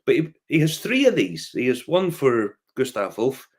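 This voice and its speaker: Northern Irish man, casual chat, lively swooping pitch, storyteller, swears a lot. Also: moderate pace. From Northern Ireland. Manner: animated storyteller, swears freely, acts out customers' voices. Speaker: whiskey shop tour guide.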